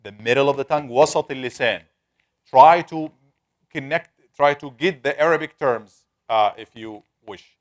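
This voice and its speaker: A man's voice: medium pitch, fairly quick, long pauses, a bit bright. Man drilling Arabic letter sounds. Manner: patient, drills letter sounds repeatedly, calls on students. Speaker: Tajweed teacher. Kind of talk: live online class teaching Arabic letters.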